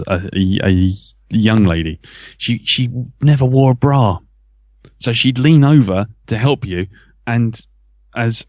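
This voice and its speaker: A man's voice: on the low side, darkish tone, no room sound, studio quality. A man hosting a podcast, telling crude, joking school stories in casual chat. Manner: joking, crude, chatty storyteller. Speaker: podcast host.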